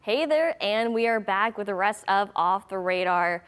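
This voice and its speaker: A woman's voice: medium pitch, expressive, normal speed, fairly bright tone, clear, resonant tone. A woman hosting a casual chat show with her weather colleagues. She sounds upbeat, laughs often and keeps the conversation moving. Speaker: host, TV weather team member.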